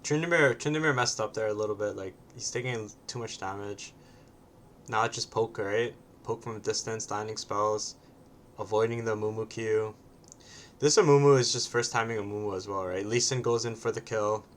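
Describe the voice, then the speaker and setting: A man's voice: lowish voice, normal speed, slight background noise. A man casually commenting on his own match, often ending points with a questioning "right?" and sometimes swearing bluntly.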